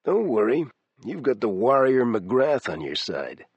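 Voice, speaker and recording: A man's voice: mid-range voice, very animated, a little slow, slightly rough, no room sound, dull audio. A narrator doing a wisecracking man in his forties. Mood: earnest. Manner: wisecracking, easygoing. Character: joking man in his mid-forties, stiff and sore. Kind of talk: audiobook character voice.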